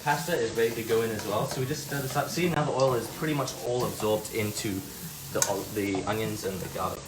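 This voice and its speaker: A man cooking and explaining each step in a relaxed, casual way. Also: on the low side, fast talker, echoey room, background noise. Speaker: home cook.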